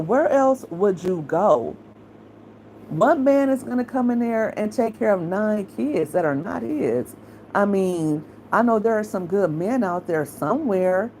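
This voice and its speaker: A woman's voice: medium pitch, a little mellow, slight background noise, poor audio. A middle-aged woman, talking bluntly and casually as she gives her opinions on her commentary channel.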